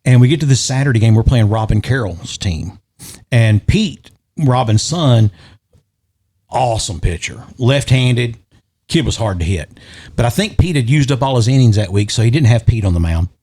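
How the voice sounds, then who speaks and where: A man's voice: mid-range voice, normal speed, husky. Middle-aged man spinning a story. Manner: animated, acts out quoted voices. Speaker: podcast guest or host. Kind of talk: casual storytelling chat.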